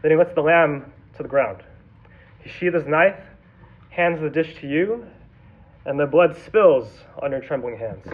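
A man's voice: a little high, lively intonation, unhurried, long pauses, husky. A man preaching to sixth graders with dramatic storytelling and emphatic repetition. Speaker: youth pastor. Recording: tinny phone-like sound.

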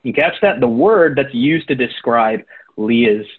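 A man delivers a relaxed, conversational sermon, often turning to his listeners to check they follow. His voice is husky and comes through narrow and tinny, like a phone line. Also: mid-range voice, unhurried. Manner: conversational, addresses listeners directly. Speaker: preacher.

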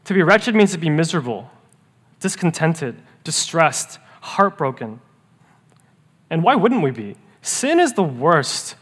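A man preaching a sermon as pastor, earnest, rising to emphatic peaks and dropping to hushed, quiet lows. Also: sing-song, a little slow, husky. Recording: long reverb of a church hall.

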